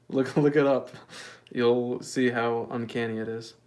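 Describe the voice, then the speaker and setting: A man hosting a casual livestream, answering chat questions with deadpan, mock-earnest rambling. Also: medium pitch, a little slow. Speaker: livestream host.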